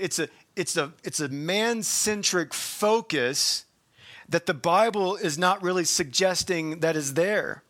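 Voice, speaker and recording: A man preaching a sermon, emphatic, slowing to stress key phrases, with casual asides and self-corrections. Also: high voice, a bit bright. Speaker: pastor.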